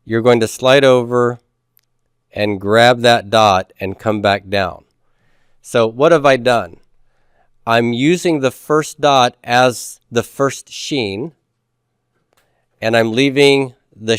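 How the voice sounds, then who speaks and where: Man, lecture style, patient and repetitive, smooth resonant voice, dry recording. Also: medium pitch, takes it slowly, dry recording. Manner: patient, repeats key points, checks understanding with "okay?". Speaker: Hebrew grammar teacher. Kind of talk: classroom lecture.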